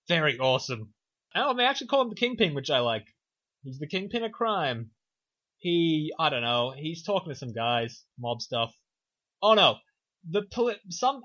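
A man's voice: fairly high pitch, pushed and bright. A man co-hosting a podcast, recapping a film in a sarcastic, profane, offhand way. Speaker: podcast co-host reviewing a film. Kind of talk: casual film recap chat. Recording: dull lo-fi sound.

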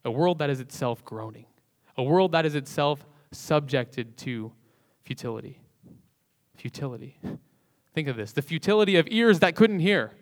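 A male pastor delivering an earnest sermon, his emphasis rising and falling. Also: mid-range voice. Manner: earnest, rises and falls in emphasis, occasional light laughs. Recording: long hall reverb.

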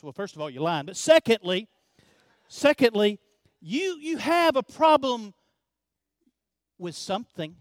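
A man's voice: high-pitched, sing-song, a little slow, long pauses, dry recording. A male pastor preaching a sermon, emphatic and repetitive, speaking directly to his congregation.

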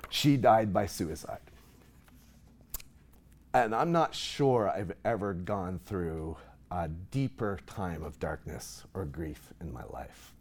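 A man, a pastor, preaching an emotional sermon to his congregation, reading scripture with loud emphasis. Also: low voice.

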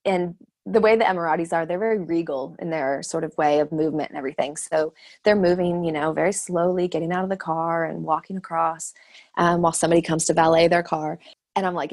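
A woman in her thirties telling a story in casual chat, animated and laughing often, acting out the voices she quotes. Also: lowish voice, a little fast. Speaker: guest sharing her birth stories.

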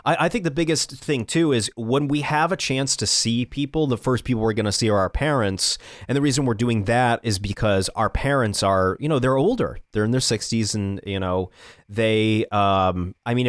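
Halting, joking man host. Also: on the low side, no room sound, studio quality. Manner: halting, with many restarts and wry jokes. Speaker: podcast host. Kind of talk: casual chat.

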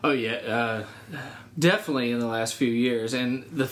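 A man's voice: medium pitch, normal speed, a bit bright. A man who served in the Marines, talking earnestly in a casual discussion about faith and telling stories with quoted asides. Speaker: guest, former Marine.

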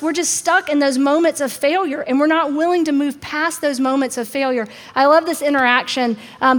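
High-voiced woman preaching in a hall. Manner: conversational, acts out quotes with shifting pitch. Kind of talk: sermon. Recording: long reverb of a large hall.

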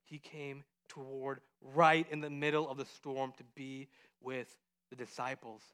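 A man teaching children a Bible story, lively and full of questions to the kids, acting out the voices as he goes. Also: medium pitch, a little slow, smooth. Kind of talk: animated Bible story lesson.

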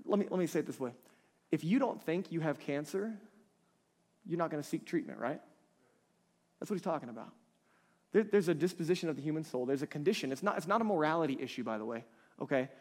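A man in his thirties preaches in a loose, conversational way, often breaking into light laughter. His voice sits fairly high for a man. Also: fast talker, long pauses. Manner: conversational, animated, laughs between points. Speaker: pastor. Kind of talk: sermon.

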